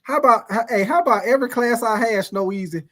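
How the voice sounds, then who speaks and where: Talking fast in a very high-pitched voice, a livestream host laughs a lot as he casually tells a profane story. He's animated and keeps calling out names from his chat.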